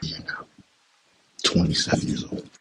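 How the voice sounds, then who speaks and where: A man's voice: measured pace, background noise. A young man hosting a podcast, delivering a heated sports rant that repeats itself and turns to swearing. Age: young adult. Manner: heated, repetitive, swears when upset. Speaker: podcast host. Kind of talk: ranting sports commentary.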